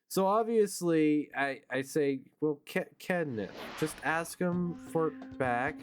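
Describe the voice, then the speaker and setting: A man's voice: a little high, expressive, normal speed, few pauses. A young man hosting a casual gameplay chat, telling a story in a profane, ranting way. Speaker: gaming channel host. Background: game music.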